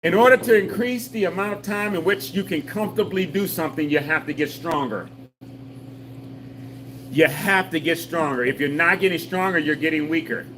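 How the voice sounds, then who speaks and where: A man's voice: on the high side, normal speed, noisy background. Man coaching a senior exercise class. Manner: patient, repetitive coaching with call-and-response cues. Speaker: senior fitness instructor. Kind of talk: live exercise class instruction.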